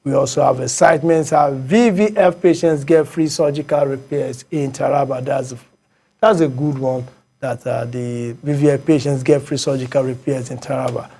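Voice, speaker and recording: A man's voice: medium pitch, steady tone, moderate pace, creaky, warm tone. A man hosting a morning show, reading headlines with many fillers and repeats. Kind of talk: reading headlines and taking calls.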